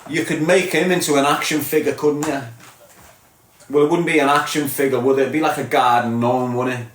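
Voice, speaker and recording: A man's voice: fairly high pitch, steady tone, a little fast. Blunt sweary Scouse man, roomy echo. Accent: Liverpool (Scouse). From Liverpool, England. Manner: blunt, sweary, mocking, tags lines with "lad" and "mate". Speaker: live-stream host. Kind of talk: ranting live-stream chat with viewers.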